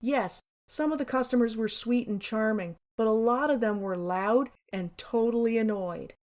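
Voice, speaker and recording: A woman's voice: on the high side, normal speed, darkish tone. A woman narrating her own memoir in a wry, candid, sarcastic way, with casual swearing.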